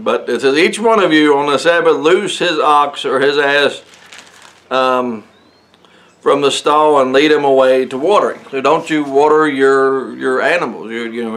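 A man's voice: mid-range voice, a little slow, a bit bright. A man preaching in church, reading Bible verses aloud and explaining them in a loose, conversational way with frequent chuckles and fillers. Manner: conversational, chuckles often, many fillers and restarts. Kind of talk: casual sermon with Bible reading. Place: church sanctuary.

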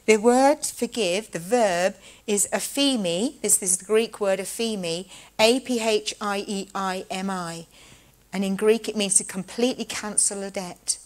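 A woman delivering a church sermon at a medium pitch. Her pace is deliberate, and she slows sharply to weigh important words. Casual asides soften her teaching. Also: low-quality recording. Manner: measured, slows to stress key words. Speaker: preacher.

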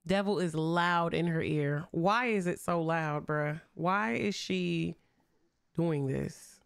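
Young woman streamer, slangy game commentary, smooth voice, dry close sound. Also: on the low side, takes it slowly, no echo. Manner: animated, slangy, talks to her characters.

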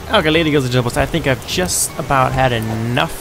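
Excitable man yelling at his game. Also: mid-range voice, vocal fry. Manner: excitable, jokey, yells at the game. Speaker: gaming video host. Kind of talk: let's play commentary.

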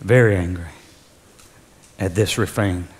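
A man's voice: sits low, unhurried. A male pastor preaching a sermon with energy, calling on the congregation to repeat after him. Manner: energetic preaching with call-and-response. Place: church sanctuary.

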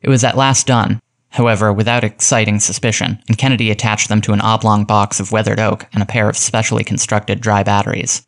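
A man reading a classic detective story aloud in measured storytelling narration. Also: on the low side, level tone, gravelly. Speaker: audiobook narrator. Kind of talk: scripted audiobook narration.

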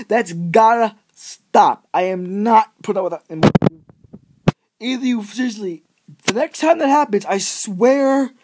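A man's voice: high voice, darkish tone. A teenage guy vlogging, ranting in an exaggerated, rambling way with lots of fillers. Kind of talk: ranting vlog monologue.

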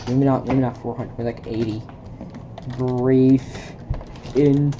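A woman at home reading a film script aloud for laughs, stumbling over lines in a deadpan way. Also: rumbling low, a little slow, muffled recording, noisy background. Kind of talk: casual comedic script reading. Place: home with a pet dog.

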